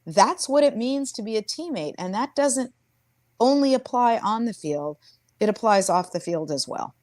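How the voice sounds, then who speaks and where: A woman in her sixties, a former sports team executive, tells stories as an interview guest, speaking earnestly and reflectively and often restarting her sentences. Her fairly high voice has lively intonation and a darkish tone at a normal speed. There's no room sound in the recording.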